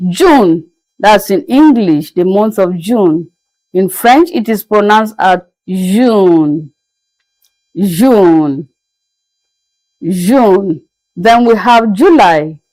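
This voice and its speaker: A woman teaching French month names in a patient lesson, repeating each word slowly. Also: mid-range voice, no room sound, rough recording. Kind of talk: slow spoken language lesson.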